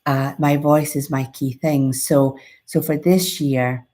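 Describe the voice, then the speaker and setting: Low-voiced Scottish woman musing earnestly. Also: a little mellow. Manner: earnest, musing, with frequent restarts. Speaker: mindfulness teacher. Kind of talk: reflective spiritual talk.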